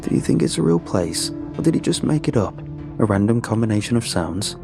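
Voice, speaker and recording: A man voicing a quiet, uneasy male ranger who asks puzzled questions. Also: medium pitch, big pitch swings, brisk, vocal fry. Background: background music.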